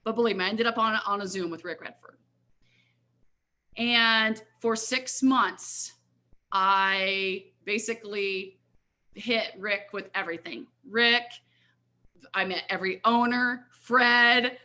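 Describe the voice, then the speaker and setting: Earnest middle-aged woman giving a pep-talk testimony over a video call, forceful bright voice. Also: medium pitch, steady tone, takes it slowly. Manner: emphatic, earnest, keeps checking in with the listeners. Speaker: network marketing leader sharing her story. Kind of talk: motivational testimony on a coaching call.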